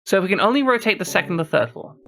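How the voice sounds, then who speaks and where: Racing along in a high, pushed, bright voice with lively intonation, a man streams a horror game. He thinks out loud as he works through a puzzle and chats casually with his viewers.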